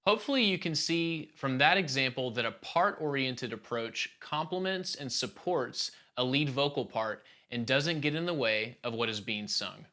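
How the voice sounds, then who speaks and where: A man gives a calm, step-by-step keyboard lesson for a church band. His voice is bright and forward, with a steady, even tone. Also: medium pitch, normal speed, few pauses. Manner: explains step by step, calm teaching tone. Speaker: worship keys instructor. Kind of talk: instructional talk.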